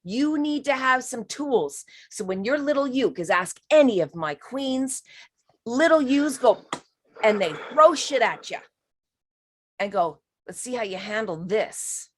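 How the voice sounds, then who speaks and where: A woman's voice: sits high, lively intonation, a little slow. A woman giving a spiritual healing reading on a live stream, talking frankly and emphatically, swearing now and then and calling the listener honey.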